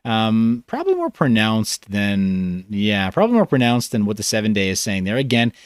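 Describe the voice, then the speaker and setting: A man's voice: on the low side, wildly swooping pitch, normal speed, smooth, dry recording. Tired-voiced man chatting on a livestream. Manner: rambling, loose, self-interrupting. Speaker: livestream host. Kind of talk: casual livestream chat reading comments.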